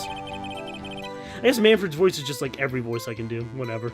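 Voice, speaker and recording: A man's voice: mid-range voice, very animated, moderate pace, music in the background. A man streaming a game, joking and rambling crudely in casual commentary.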